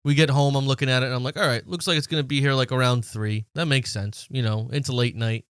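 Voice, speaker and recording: A young man co-hosting a podcast, telling stories in a deadpan, casual way and swearing freely. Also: mid-range voice, quick pace, clear, resonant tone, dry recording, studio quality. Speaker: podcast co-host. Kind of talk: casual chat.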